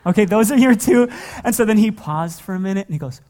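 Relaxed pastor telling family stories. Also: male voice, sits high, fast talker. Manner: relaxed storytelling with frequent laughter. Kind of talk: sermon.

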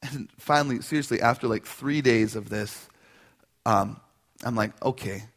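A man preaching a sermon as a pastor, telling a personal story in an animated way and acting out the voices he quotes. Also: mid-range voice, normal speed.

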